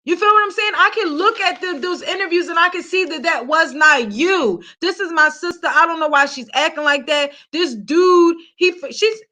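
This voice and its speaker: High bright-voiced woman from philly running her gossip show, blunt and chatty, talks right at the viewers. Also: normal speed, few pauses. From Philadelphia. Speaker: celebrity gossip host. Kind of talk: casual gossip commentary.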